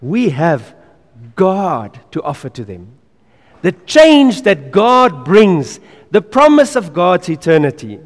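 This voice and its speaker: A man preaching a sermon in an earnest, emphatic way. He repeats key phrases and drops to quiet asides. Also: high-pitched, huge pitch swings, slow pace, in a large hall.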